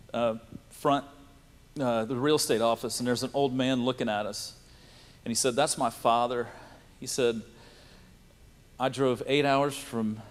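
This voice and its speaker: A man, telling a personal faith story to a live audience in a storytelling way. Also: mid-range voice. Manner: storytelling, laughing and tearful in places. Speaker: speaker sharing a testimony. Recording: reverberant hall.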